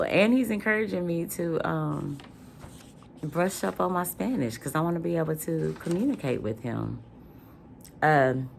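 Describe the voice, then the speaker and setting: A woman's voice: very deep voice, gravelly, slight background noise. A woman vlogger in casual chat, answering questions, chatty and rambling with frequent ums.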